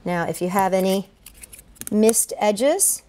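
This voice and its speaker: A woman's voice: medium pitch, lively intonation, takes it slowly, dark tone, a little hiss or hum. A woman who entertains at children's events, walking viewers through a duct tape craft step by step. She talks while she works and keeps an upbeat, encouraging tone. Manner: chatty, narrates each step aloud while working with her hands.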